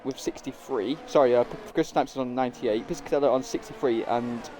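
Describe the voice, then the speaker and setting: A man reads out standings as co-commentator, chatty and often stumbling over names and figures. His voice sits in an ordinary middle range. Clear background noise can be heard under him. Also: mid-range voice, brisk, dark tone. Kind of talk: casual race co-commentary.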